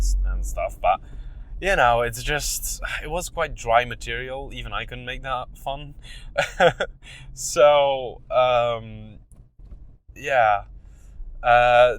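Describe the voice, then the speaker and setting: Animated young man telling a story. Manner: animated, acts out quotes with rising pitch, laughs often. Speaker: podcast host. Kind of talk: casual storytelling monologue. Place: in a car.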